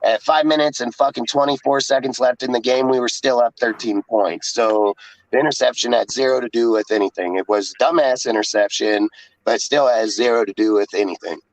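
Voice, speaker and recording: A man's voice: medium pitch, fairly quick, no room sound. A man ranting profanely and in exasperation about a football game in casual sports talk. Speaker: podcast co-host. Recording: dull dry lo-fi sound.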